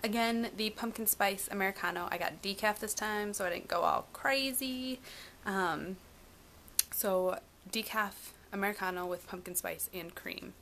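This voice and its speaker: A young woman talks to a handheld camera at home in a loose, rambling way, stacking up fillers as she goes. Her voice sits at a middle pitch for a woman. A faint hiss runs underneath. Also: a little slow, a bit bright. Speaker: vlogger, mom. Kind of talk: casual vlog chat. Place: family home, indoors.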